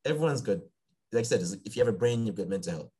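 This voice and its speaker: A young man talks through an interview at an easy conversational pace. His pitch swings widely as he speaks, and he slips into the voices of the people in his stories. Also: fast, slightly rough. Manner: animated storyteller, acts out quoted dialogue. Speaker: guest, psychiatrist in training.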